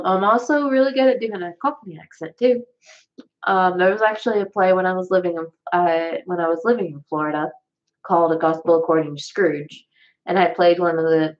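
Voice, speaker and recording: A woman's voice: fairly low pitch, dull audio. A young woman from the American South with a Southern accent, chatting casually to camera in a rambling, self-deprecating way. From Southern United States. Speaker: vlogger.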